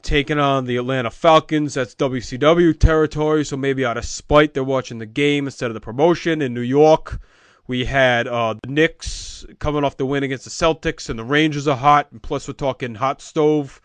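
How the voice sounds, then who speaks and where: A man playing a deadpan, know-it-all sports pundit who keeps repeating the same opinion. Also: medium pitch, normal speed, smooth, no room sound, close to an everyday voice. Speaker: podcast co-host in comedy bit. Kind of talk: comedic sports-talk parody.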